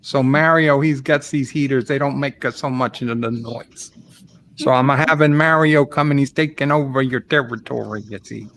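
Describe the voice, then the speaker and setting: A man's voice: mid-range voice, moderate pace, vocal fry, a bit bright, a little hiss or hum. A man voicing a pushy male mobster making comic threats in broken phrasing. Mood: menacing.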